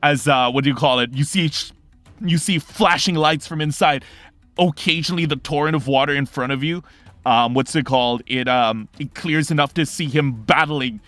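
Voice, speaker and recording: A man narrating a tabletop game as game master, telling the scene dramatically and often pausing to search for words. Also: on the high side, fairly bright tone, no room sound, soft background music.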